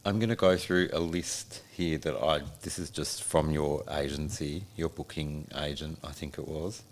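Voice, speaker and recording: A man's voice: a bass voice, fairly even intonation, normal speed, slight background noise. A man hosting an interview, prompting his guest with friendly questions. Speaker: interview host. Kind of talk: casual interview chat.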